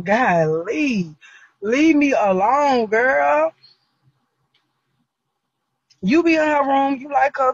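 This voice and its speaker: A man with a high, husky voice hosts a casual livestream, complaining again and again in an exasperated way. The sound is dry and close, and slightly muffled like lo-fi stream audio. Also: no room sound. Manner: exasperated, repetitive complaining with frequent laughs. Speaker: livestream host.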